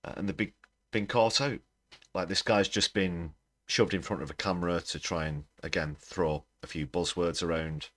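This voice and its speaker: A man's voice: deep voice, fairly even intonation, normal speed, a bit bright. A man hosting a livestream, reacting to news clips with wry, dry commentary. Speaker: livestream host.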